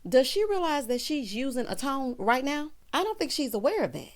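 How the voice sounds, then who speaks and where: A woman's voice: sits high, very animated, moderate pace, few pauses. A woman, recapping reality TV in a sassy, casual way and acting out quotes in changed voices. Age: 30s.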